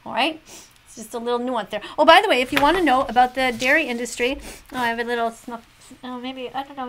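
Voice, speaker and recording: A fast-talking woman with a high-pitched, slightly bright voice delivers mock-classroom reaction commentary on a video. Acting as a teacher, she lectures, moralizes, and grades with check marks. There's slight background noise.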